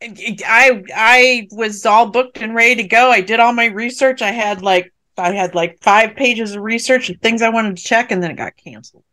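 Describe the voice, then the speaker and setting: A podcast host in casual chat, reacting to a guest with quick short remarks and laughter. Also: mid-range voice, bright, forceful tone.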